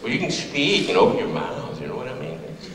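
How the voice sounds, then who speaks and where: A man's voice: deep voice, sing-song, fairly quick, a crowd in the background. A man in his seventies, a playwright from the United States, giving a humorous, anecdotal lecture to an audience in a large hall, recorded from a distance. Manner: humorous, anecdotal, plays voices. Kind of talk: public lecture. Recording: echoey hall from far off.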